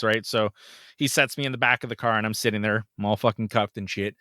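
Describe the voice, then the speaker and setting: A man co-hosting a podcast, telling a story in a casual, animated way and acting out the other people's lines. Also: on the low side, quick pace, clean tone, dry recording. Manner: animated, acts out the other voices in his story. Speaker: podcast co-host.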